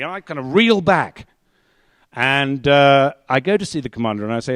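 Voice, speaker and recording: A man's voice: a little high, lively intonation, a little fast, a bit bright, no room sound. A man telling a story on stage, with wry, dry humor. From England. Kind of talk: live storytelling performance.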